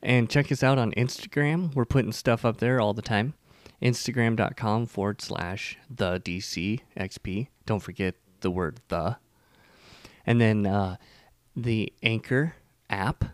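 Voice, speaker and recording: A man's voice: on the low side, measured pace, no echo. Easygoing man chatting on a podcast. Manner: easygoing, laughs at his own jokes. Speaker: podcast co-host. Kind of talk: casual chat.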